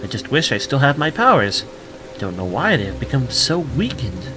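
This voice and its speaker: A man reading the lines of a female nymph who guards a tree, in a flat, tired voice, as he plays a video game. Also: medium pitch, normal speed, over music, lightly acted. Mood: apologetic.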